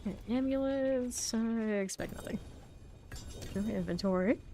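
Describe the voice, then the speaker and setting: A woman's voice: medium pitch, normal speed, warm tone, slight background noise. A woman streaming a game, chatting casually to herself as she plays, humming and counting under her breath. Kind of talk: casual gameplay commentary.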